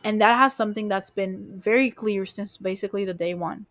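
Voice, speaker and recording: Bluntly and with emphasis, a woman offers casual relationship advice on her podcast, swearing regularly and filling gaps with "like" and "you know." The studio-quality recording is dry, capturing a medium-pitched, somewhat bright voice.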